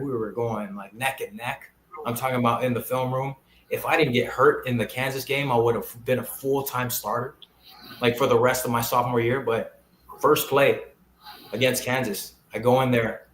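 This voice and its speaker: A man in his thirties from Hawaii, a football coach telling stories as a guest on a casual interview podcast and lively acting out the people he quotes. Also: mid-range voice, moderate pace, slight background noise. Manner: animated storyteller who acts out quoted people. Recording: roomy echo.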